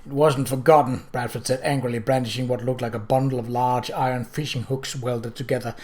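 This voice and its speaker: A man reading a novel aloud in a steady, expressive narration. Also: medium pitch, fairly quick. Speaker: audiobook reader.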